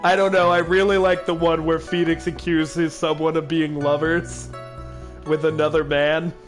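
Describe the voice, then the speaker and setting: A man's voice: a little high, little pitch movement, normal speed. A man hosting a let's-play, reading game dialogue aloud and joking around in a playful way. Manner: playful, slips into mock-angry shouting voices. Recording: game music playing behind.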